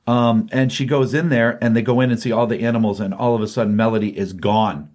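A man's voice: medium pitch, fairly even intonation, fast talker, darkish tone. A man giving a casual, rambling recap of a comic book issue, full of ums and you-knows.

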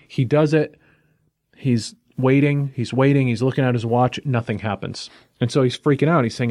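A man's voice: mid-range voice, normal speed, darkish tone, no echo, clean studio sound. A man hosting a comic book podcast, recapping the plot in a rambling, casual way with fillers and restarts.

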